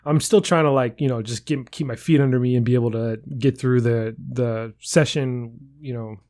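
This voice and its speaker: A man with a mid-range voice in a relaxed podcast conversation. He rambles a little, laughs easily and drops casual swear words as he talks with his co-host. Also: medium pitch, moderate pace. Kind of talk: casual banter.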